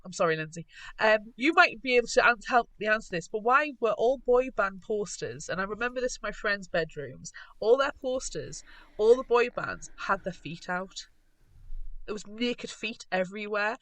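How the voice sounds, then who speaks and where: A woman's voice: medium pitch, lively intonation, normal speed, a bit bright, dry recording. Lady co-host, chatty and emphatic, dry close sound. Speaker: podcast co-host. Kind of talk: casual chat.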